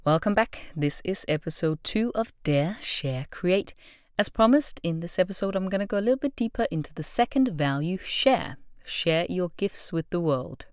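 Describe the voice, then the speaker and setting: A woman's voice: lowish voice, lively intonation, normal speed, a little mellow, no room sound. A woman hosting a solo motivational podcast, telling stories expressively and acting out the voices of people she quotes. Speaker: podcast host.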